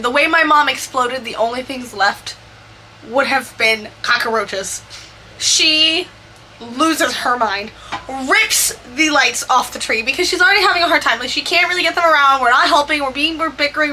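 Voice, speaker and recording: A woman's voice: sits high, sharp tone, slight background noise. A young woman telling a chatty, profane story over a video game build. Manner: chatty, profane, quick asides. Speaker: Sims builder and vlogger.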